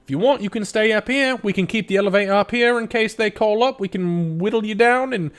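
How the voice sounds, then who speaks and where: A woman's voice: mid-range voice, fairly quick, pitched above the performer's own voice, lightly acted. A man voicing a brash, foul-mouthed woman who runs an elevator crew, swearing freely and talking bluntly. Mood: teasing. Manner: crude, swears a lot, blunt.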